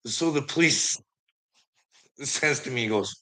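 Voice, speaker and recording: A man's voice: mid-range voice, lively intonation, normal speed, long pauses, bright, forceful tone. A man telling an angry, swear-filled story in a casual rant to a friend. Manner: heated, profane, emphatic. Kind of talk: casual ranting anecdote.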